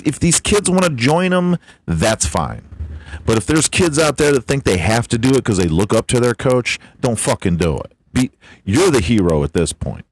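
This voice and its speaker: A man's voice: mid-range voice, slightly rough. A man hosting a podcast, ranting bluntly and swearing constantly in a comedic tirade. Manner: foul-mouthed, blunt, ranting. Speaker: podcast host. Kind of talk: profane comedic rant.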